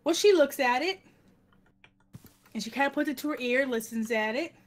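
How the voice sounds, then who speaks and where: High-voiced woman, animated storyteller. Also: normal speed, slight background noise. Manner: animated, acts out other people's voices. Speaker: host. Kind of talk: casual storytelling while playing a game.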